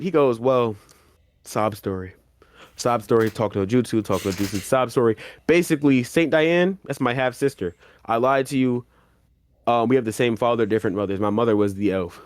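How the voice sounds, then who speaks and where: A man's voice: medium pitch, no room sound, clean studio sound. A man co-hosting a podcast, animatedly recapping an anime plot in casual slang and acting out the characters' lines. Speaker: podcast co-host.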